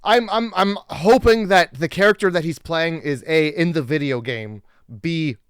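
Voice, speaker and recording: A man co-hosting a movie podcast in casual chat, animated and laughing often. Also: a little high, normal speed, smooth, dry recording, clean studio sound. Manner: animated, laughs often, puts on silly voices. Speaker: podcast co-host.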